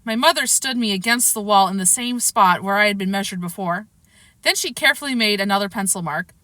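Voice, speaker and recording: A woman reading a children's novel aloud in a lively, expressive way. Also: mid-range voice, a little fast, dry recording. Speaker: reader. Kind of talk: storybook narration.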